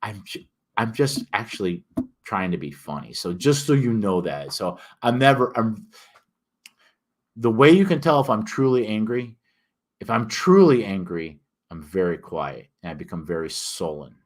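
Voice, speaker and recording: Older man, Northern US accent, emphatic ranter with a lowish voice, livestream host. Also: animated, moderate pace. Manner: emphatic, ranting, frequent restarts and fillers. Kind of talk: casual ranting monologue.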